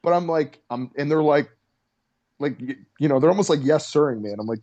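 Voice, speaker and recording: A man's voice: on the high side, lively intonation, moderate pace, dark tone. A young adult male comedian telling a story in casual chat over a video call, in an intense, profane way. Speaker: comedian guest.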